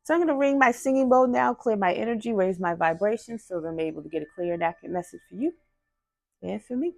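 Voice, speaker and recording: A woman reading cards for her channel in a casual, chatty way, with slang in her talk. Her voice sits at a middle pitch. It sounds dry and close, with no room echo. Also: fast, vocal fry, a little mellow. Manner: chatty, drops into slang, talks to viewers directly. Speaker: tarot reader. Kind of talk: casual spiritual card reading.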